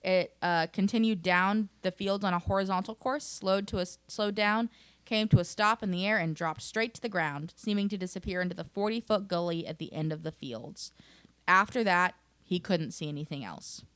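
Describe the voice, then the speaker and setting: A woman's voice: on the low side, moderate pace, a bit bright, clean tone, no room sound. A woman co-hosting a podcast, casually retelling a strange case from her notes with frequent fillers. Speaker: podcast co-host. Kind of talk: casual storytelling chat.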